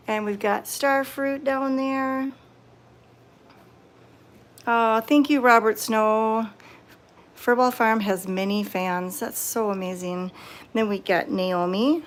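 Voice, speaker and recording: A woman live-streaming from a cat sanctuary, chatting casually with viewers and cooing softly at the cats. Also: a little high, steady tone, slow, pauses often. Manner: soft-spoken, cooing baby talk to cats. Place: indoor cat room at a sanctuary.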